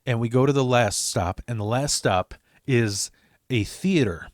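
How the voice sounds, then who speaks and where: Profane, animated male storyteller. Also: mid-range voice, a little slow, no echo, studio quality. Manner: animated, profane, acts out quoted voices. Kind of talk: casual personal storytelling.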